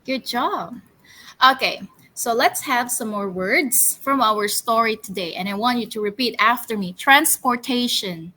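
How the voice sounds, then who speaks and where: A woman teaching English to young children, speaking slowly and clearly, drilling words for them to repeat and praising them. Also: on the high side, pushed and bright, low-quality recording. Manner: slow, clear, encouraging, drills words for repetition. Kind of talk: classroom storytelling lesson for children.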